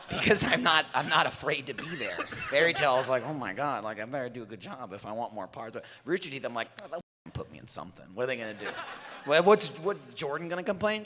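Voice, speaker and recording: Man voice actor, loose jokey panel talk, very bright tone, echoey hall. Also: medium pitch. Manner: loose, joking, full of fillers. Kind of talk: convention panel chat.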